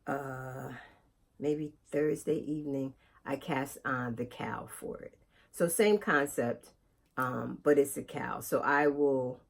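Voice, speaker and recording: Low, gravelly-voiced chatty woman vlogger. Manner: chatty, animated, talks straight to viewers. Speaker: knitting vlogger. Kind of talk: casual vlog chat to viewers.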